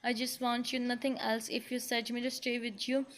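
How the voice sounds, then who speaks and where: A woman's voice: a little high, level tone, moderate pace, slight background noise, natural voice. A woman voicing a devoted young man who speaks in an earnest, pleading way, in a read-aloud fan fiction story.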